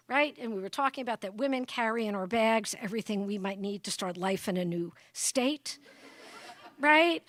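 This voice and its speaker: A woman's voice: fairly high pitch, no echo. A woman giving a humorous public address as a guest speaker, telling comic stories and often checking in with the audience. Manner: jumps into exaggerated voices for quotes. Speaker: guest speaker at an exhibit opening.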